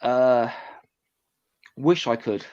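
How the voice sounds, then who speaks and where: A man's voice: mid-range voice, drawn-out words, a little mellow, lo-fi sound. A man chatting as a guest, hesitant and full of fillers. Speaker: guest collector. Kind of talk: casual chat.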